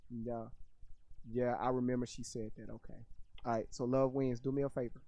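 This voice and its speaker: A man with a middle-pitched voice hosts his own channel and comments on a clip. He sounds incredulous, repeats himself and swears freely, and the recording is close and dry. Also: little pitch movement, normal speed, dark tone, no echo, highs cut off. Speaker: channel host reacting to clips. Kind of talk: casual commentary on a video clip.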